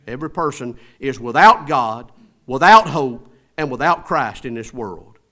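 Bright-voiced preacher, loud then hushed. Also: male voice, lively intonation, measured pace. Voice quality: swings from loud preaching to hushed low tones. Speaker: pastor. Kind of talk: sermon.

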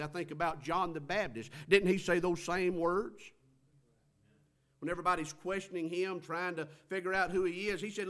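A man preaching a sermon, swinging between loud stressed phrases and quiet drawn-out words. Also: a little high, lively intonation.

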